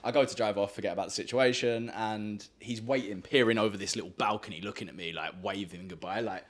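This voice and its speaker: A man's voice: fairly low pitch, fast. A young man telling a story on a podcast, slangy and full of swearing. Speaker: podcast host. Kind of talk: casual storytelling.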